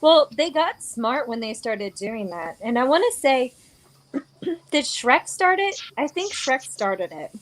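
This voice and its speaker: A woman's voice: sits high, very animated, takes it slowly, rough recording. A woman in her forties hosting a casual chat, talking freely and laughing easily. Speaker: host.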